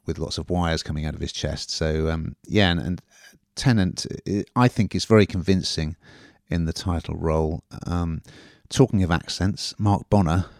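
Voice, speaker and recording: A man with a very low voice hosts a casual podcast chat, rambling a bit as he reviews a TV drama. The sound is dry and close, with no room around it. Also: moderate pace, gravelly, a little mellow, no echo. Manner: chatty, rambling with fillers.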